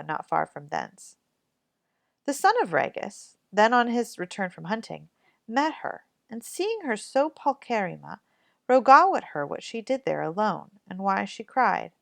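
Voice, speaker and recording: A woman reading a fairy tale aloud in an expressive storybook manner. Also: medium pitch, normal speed, gravelly, no room sound, studio quality.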